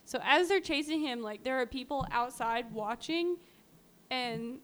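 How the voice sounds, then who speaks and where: Woman, casual storyteller, podcast co-host, fairly high smooth voice. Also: lively intonation, measured pace, fairly bright tone. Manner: chatty, lots of "um" and "like", acts out quotes. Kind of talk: casual true-crime storytelling.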